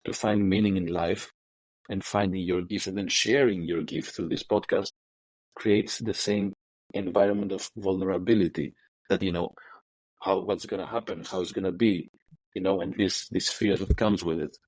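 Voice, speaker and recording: Deep-voiced, calm, reassuring man. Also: moderate pace, no echo, rough recording. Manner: calm, reassuring, restarts his phrases. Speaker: podcast guest, psychology coach. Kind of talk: reflective conversation.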